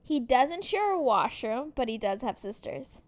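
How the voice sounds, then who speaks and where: A woman's voice: sits high, sing-song, measured pace. A young woman co-hosting a podcast in casual chat about dating, easygoing and hedging, with many fillers. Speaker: podcast co-host.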